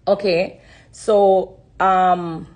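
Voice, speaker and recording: A woman with a Jamaican accent giving an emotional live-stream testimony, halting and repeating herself as she holds back tears. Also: lowish voice, little pitch movement, a little mellow. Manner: halting and repetitive, pausing to hold back tears. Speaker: livestreamer sharing a testimony.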